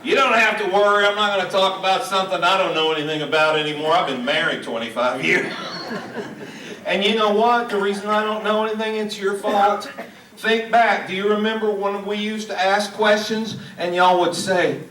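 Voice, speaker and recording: High-voiced middle-aged man doing stand-up. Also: brisk, pushed and bright. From Hot Springs, Arkansas. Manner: folksy, self-deprecating, teasing the crowd. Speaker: stand-up comedian. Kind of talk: stand-up comedy set. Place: small auditorium at a senior living community. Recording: echoey room, mic heard from a distance.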